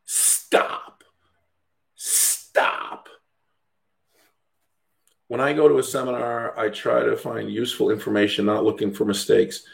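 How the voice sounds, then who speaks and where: Blunt, gravelly-voiced man ranting. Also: fairly low pitch, fairly quick, hardly any pauses. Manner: blunt, profane, animated ranting with mimicked voices. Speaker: dog trainer. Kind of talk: casual podcast chat.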